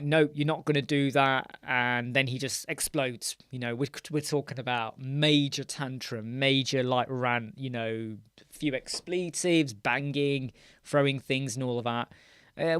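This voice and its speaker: A man's voice: mid-range voice, fairly bright tone, clear, resonant tone, dry recording, clean studio sound. A man hosting a live web design Q&A, chatting casually, greeting viewers by name mid-sentence and thinking aloud while he demos on screen. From United Kingdom.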